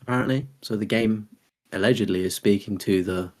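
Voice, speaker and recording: A man's voice: fairly low pitch, fairly quick. A young man, co-hosting a casual podcast in a rambling, chatty way. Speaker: podcast co-host.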